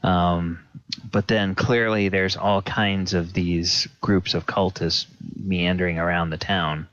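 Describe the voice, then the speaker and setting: A man running a tabletop game as dungeon master, unhurried and hesitant, with many fillers. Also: deep voice, steady tone, a bit bright, a little hiss or hum. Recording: dull lo-fi audio.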